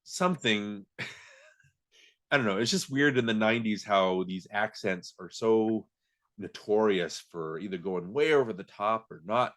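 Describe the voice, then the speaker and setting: A man's voice: on the low side, a little slow, a bit bright. A man co-hosting a podcast, chatting casually about films in a rambling way, often restarting his sentences. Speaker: podcast co-host. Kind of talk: casual film chat.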